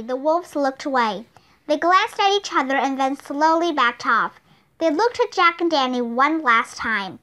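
A woman narrating a children's storybook with steady, expressive reading. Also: sits high. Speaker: audiobook reader.

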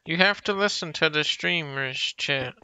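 A man's voice: a little high, unhurried, creaky, smooth. Teasing man streaming a game. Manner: playful, teasing, deadpan jokes. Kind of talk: casual gameplay chat.

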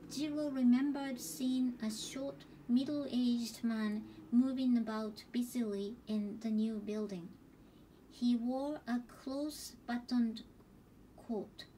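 A woman slowly reading a novel aloud as an audiobook, gentle and unhurried, with small restarts. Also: fairly high pitch, far from the mic, slight background noise, low-quality recording. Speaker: audiobook reader. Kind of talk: slow storybook narration.

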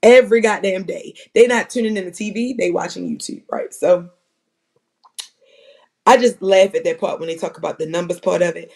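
A gravelly, raspy-edged voice, sitting in the middle of the pitch range. This commentator rambles through profane, animated stories in a loose, casual flow that keeps circling back on itself. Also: moderate pace. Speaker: livestream commentator.

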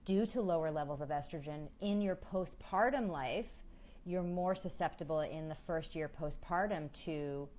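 A woman's voice: low voice, normal speed, a little mellow. A woman in her thirties hosting a live question-and-answer stream, chatty and frank, reading viewer questions aloud with frequent ums. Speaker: women's health host.

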